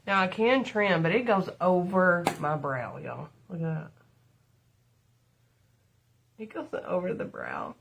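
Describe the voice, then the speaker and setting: Doing her makeup on a livestream, this middle-aged host tells meandering stories and chats with viewers she addresses as "y'all." She speaks slowly in a lowish, creaky, slightly rough voice that swings widely in pitch, leaving long pauses.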